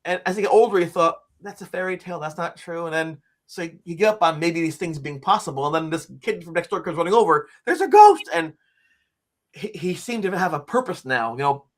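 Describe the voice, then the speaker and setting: A man of about sixty, a guest on an interview show, telling a personal story in a lively way and acting out the quotes. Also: fairly high pitch, a little fast. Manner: lively, acts out quotes and screams, frequent "like" fillers. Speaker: interview guest, author and teacher.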